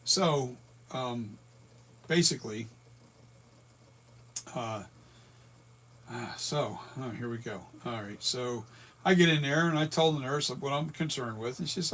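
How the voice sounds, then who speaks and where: Hoarse older man telling a rambling story. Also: mid-range voice, unhurried, long pauses, fairly bright tone. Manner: rambling, self-correcting storyteller. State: hoarse from a breathing tube. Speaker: latex mask and prop maker. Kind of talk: casual storytelling vlog.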